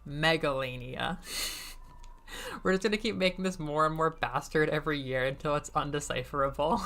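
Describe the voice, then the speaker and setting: A woman's voice: deep voice, moderate pace, a bit bright. A woman streamer giving casual, self-mocking commentary while she plays a game. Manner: chatty, self-mocking, giggly asides. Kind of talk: casual let's-play commentary.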